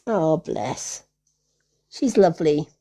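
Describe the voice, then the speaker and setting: Slow, mellow-voiced woman reading cards. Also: low-pitched, big pitch swings. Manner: soothing, affectionate, calls people lovely and honey. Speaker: tarot reader hosting a live stream. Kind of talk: live card reading chat.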